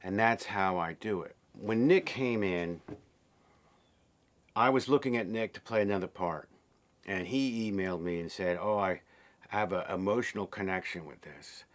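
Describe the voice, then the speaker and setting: A man speaking in a behind-the-scenes interview as a film director, relaxed and rambling with fillers and restarts. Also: sits low, moderate pace.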